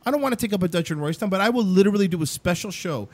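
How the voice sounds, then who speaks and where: A young man hosting a loose chat show, ranting and swearing with emphasis. His voice sits fairly high and swings widely in pitch. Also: lively intonation, rapid-fire, no room sound. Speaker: show host.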